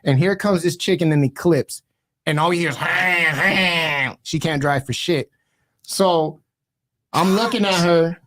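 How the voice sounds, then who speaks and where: A young man with a slightly high voice hosts a podcast in a studio, spinning stories in casual, slang-heavy chat. He talks in an animated way and keeps the anecdote rolling. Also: moderate pace. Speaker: podcast host.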